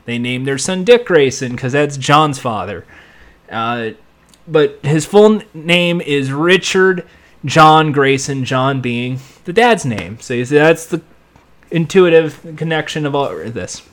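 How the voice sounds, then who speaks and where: A man giving a casual, sarcastic recap of a TV episode, rambling and throwing in sound effects and quick impressions. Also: fairly high pitch, expressive. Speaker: show reviewer.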